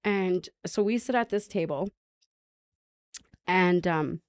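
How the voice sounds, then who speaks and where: Woman from canada talking on a podcast, says "like" a lot, acts out what people said, kinda low voice, dry mic. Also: slow, a little mellow, smooth, no echo. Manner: earnest, many "like" fillers, acts out dialogue. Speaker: podcast guest. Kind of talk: telling her recovery story in an interview.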